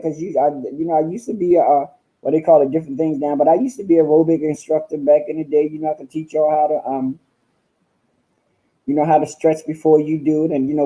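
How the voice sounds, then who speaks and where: Male livestream host, sassy profane chatter, very mellow dark tone, home webcam sound. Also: fairly high pitch, low-quality recording. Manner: sassy and profane, calls listeners honey and girl. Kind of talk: casual livestream rant.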